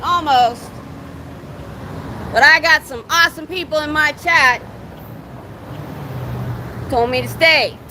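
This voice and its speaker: A woman protesting outdoors near a building's door, projecting her voice loudly in an indignant, challenging drill-sergeant manner while livestreaming on a phone. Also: high-pitched, slow, pauses often, slight background noise. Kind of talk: loud street protest speech.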